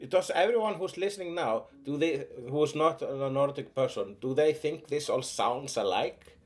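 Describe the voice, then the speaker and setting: A man's voice: fairly high pitch, normal speed. A man from Iceland in casual chat, playful and trying silly impressions.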